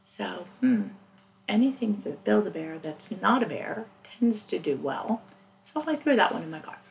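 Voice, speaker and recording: A woman's voice: mid-range voice, normal speed, gravelly, a little hiss or hum. A middle-aged woman narrating her thrift finds in a casual, chatty way, often dropping into a whisper. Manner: chatty, excitable, drops to whispers. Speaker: thrift reseller vlogger. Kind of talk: casual narrated haul vlog.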